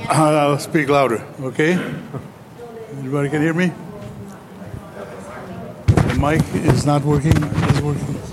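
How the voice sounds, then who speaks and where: A man's voice: on the high side, fairly even intonation, a little slow, pauses often, a loud crowd. A man speaking on a panel in a lecture hall, talking hesitantly with many ums and telling a joke. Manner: hesitant, many ums, raising voice when the mic fails.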